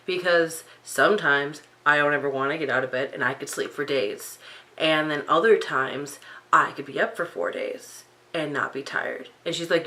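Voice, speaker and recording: Young woman, sleep-deprived vlogger, unscripted rambling, slightly low pitch, bright tone. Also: moderate pace, rough recording. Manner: rambling, many fillers and restarts. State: sleep-deprived, up late at night. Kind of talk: unscripted personal vlog.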